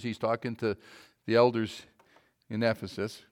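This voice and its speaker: Guy preaching a sermon in church, average pitch, asks the crowd questions, goes loud then soft. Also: unhurried, long pauses. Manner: emphatic, asks the congregation questions; swings from loud to quiet. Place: church before a congregation.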